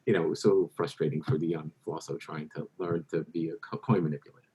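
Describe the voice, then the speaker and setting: A man's voice: a bass voice, steady tone, a little fast, warm tone, rough recording. A man speaking as a guest author in an interview, telling anecdotes at length and correcting himself as he goes. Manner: rambling anecdotal, self-correcting. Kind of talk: conversational interview storytelling.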